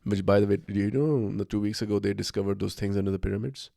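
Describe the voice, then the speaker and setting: A man's voice: on the low side, fairly even intonation, fast, creaky, warm tone, dry recording, clean studio sound. A man co-hosting a podcast, talking casually in a rambling, enthusiastic way with plenty of fillers and restarts. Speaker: podcast co-host. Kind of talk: casual conversation.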